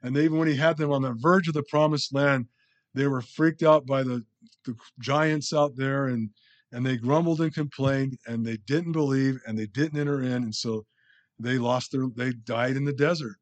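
A man's voice: mid-range voice, steady tone, moderate pace. A man preaching a casual, conversational Bible-study sermon, self-deprecating and often restarting his sentences. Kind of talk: sermon teaching.

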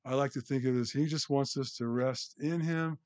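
A man preaching to his congregation in a loose, conversational style, slowing and lifting his voice when he reads scripture aloud. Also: mid-range voice, fairly even intonation, a little mellow. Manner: conversational, loose, with restarts and fillers; slows and lifts his voice while reading scripture aloud. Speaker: pastor. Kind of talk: sermon.

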